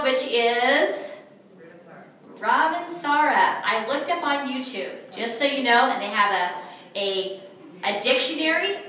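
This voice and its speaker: In an event room at a retreat, a woman runs a live workshop demonstration, playfully teasing the audience as she gives instructions. Her voice is fairly high with a sharp tone, picked up by a distant mic in an echoey room.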